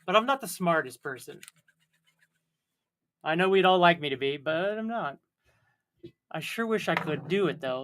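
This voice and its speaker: A fairly high-voiced young man chats alone to his livestream audience. He rambles, mocks himself and throws in wry jokes. He talks in a loose, unscripted way. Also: expressive, moderate pace, sharp tone. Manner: rambling, self-mocking, jokey asides. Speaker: livestream host. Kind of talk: casual solo livestream chat.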